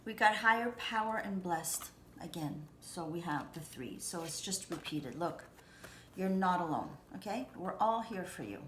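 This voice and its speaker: A woman's voice: on the low side, lively intonation, moderate pace, a bit bright, slight background noise. Chatty woman reading tarot, echoey room. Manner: chatty and reassuring, rambling with many fillers and restarts. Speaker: tarot reader. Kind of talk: casual spoken tarot reading. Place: at home.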